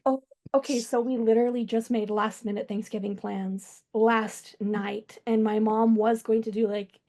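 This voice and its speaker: A woman's voice: fairly high pitch, flat delivery, normal speed, warm tone. A young woman, the client of a spirit medium, speaking chattily and emotionally. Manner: chatty, emotional, laughs often.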